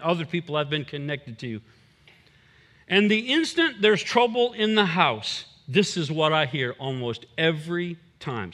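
Male pastor, bright high voice, slow deliberate sermon delivery. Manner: animated, acts out quoted voices.

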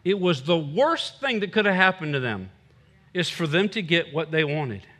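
A man preaching a sermon as pastor, animated, acting out the voices of the people he quotes. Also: on the high side, moderate pace.

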